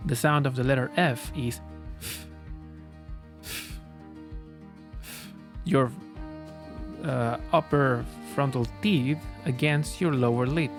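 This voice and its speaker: Slow, patient male phonics teacher. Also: mid-range voice. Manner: patient, careful, repeats sounds for learners. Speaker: language teacher. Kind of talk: phonics lesson, slow drilled pronunciation. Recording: dry close recording with faint music.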